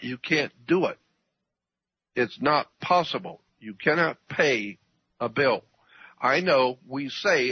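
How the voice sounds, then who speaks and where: Husky, emphatic man on talk radio. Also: medium pitch, dry recording. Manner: emphatic, repeats points, clears throat often. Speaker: radio guest. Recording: dull dry radio audio.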